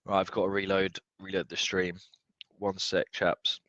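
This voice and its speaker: A young man watching a football match live, tipsy, swearing and swinging from low muttering to excited yelling. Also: normal speed, no echo, lo-fi sound. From United Kingdom. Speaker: football fan streamer.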